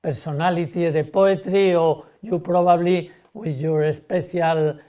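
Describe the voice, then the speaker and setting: A man, a magician, explaining a card trick in lively, broken English and acting out how spectators react. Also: a little high, measured pace, muffled recording.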